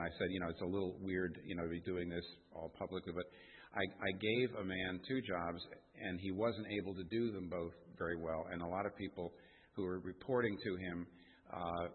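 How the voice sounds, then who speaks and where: Husky-voiced man preaching in a hall. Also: deep voice. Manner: halting, many restarts and fillers. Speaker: pastor. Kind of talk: sermon with personal stories. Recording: tinny lo-fi recording in a reverberant hall.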